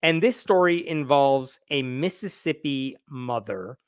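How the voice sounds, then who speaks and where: A man hosting a live news roundup, retelling a story with wry, animated commentary and quick acted-out quotes. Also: mid-range voice, clean tone, no room sound, studio quality. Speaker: news show host.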